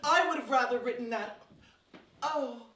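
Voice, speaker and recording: A woman's voice: on the high side, unhurried, pushed and bright. A woman playing an affected young lady in a stage comedy, gushing with overly refined praise. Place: studio room. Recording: roomy studio, mic at a distance, faint noise.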